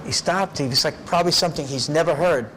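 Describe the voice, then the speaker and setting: Animated middle-aged man telling stories. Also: on the high side, fast talker, slight background noise, rough recording. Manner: animated storyteller, often tags lines with "right?". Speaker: documentary subject. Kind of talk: life-story interview.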